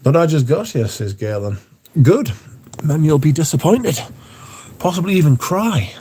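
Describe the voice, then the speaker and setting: A man's voice: on the high side, big pitch swings, normal speed, warm tone, husky. A man, hosting a livestream in casual chat, reading viewer comments in a rambling, profane, wry way. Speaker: livestream host.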